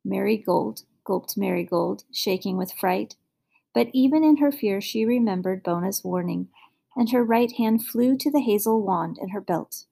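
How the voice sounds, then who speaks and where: A woman reading a fairy tale aloud as narrator, in an expressive storybook manner. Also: medium pitch, normal speed, vocal fry, slightly rough.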